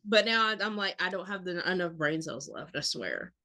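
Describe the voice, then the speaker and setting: A woman, co-hosting a casual podcast, sassy and expressive. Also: on the low side, normal speed. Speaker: podcast co-host. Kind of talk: casual chat.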